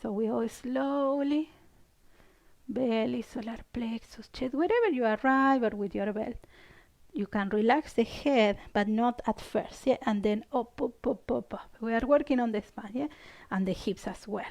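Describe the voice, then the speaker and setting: Slow-paced, gentle woman yoga teacher. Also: a little high. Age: over 50. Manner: gentle cueing with frequent "yeah?" checks, some whispered counts. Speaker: yoga instructor. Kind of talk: guided yoga class instruction.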